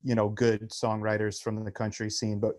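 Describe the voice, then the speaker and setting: Animated, swearing man telling a story. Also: fairly low pitch, moderate pace. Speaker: podcast co-host. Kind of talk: casual chat.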